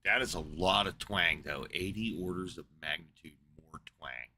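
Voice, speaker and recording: A man's voice: low voice, normal speed, sharp tone, a little hiss or hum. A man in a casual, rambling monologue, swearing a lot, incredulous and full of fillers. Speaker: podcast host. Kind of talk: casual profane rant.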